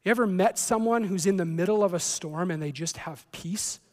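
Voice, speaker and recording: A man's voice: sits high, moderate pace, in a large hall. A man preaching a sermon as a pastor, reading scripture and then talking in a conversational way with joking asides.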